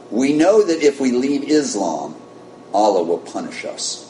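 American male preacher, storytelling sermon, lowish voice, echoey room. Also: dark tone. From United States. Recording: echoey room with faint rumble.

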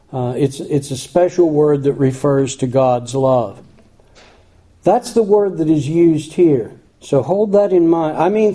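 Male pastor, sermon, very slow unhurried delivery, dark mellow tone, folksy asides. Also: a little high. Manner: folksy, self-deprecating asides.

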